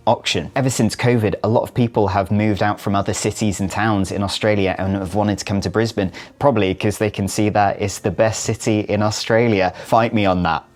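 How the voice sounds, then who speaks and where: Brief: young British man vlogging, lowish voice, cheeky and theatrical. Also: darkish tone. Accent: British English. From United Kingdom. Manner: playful, self-mocking, overdramatic. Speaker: vlogger, actor and musician. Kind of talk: scripted vlog to camera.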